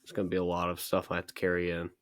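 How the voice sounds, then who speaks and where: Deep-voiced young man, casual podcast chat. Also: monotone, very fast, no echo. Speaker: podcast co-host.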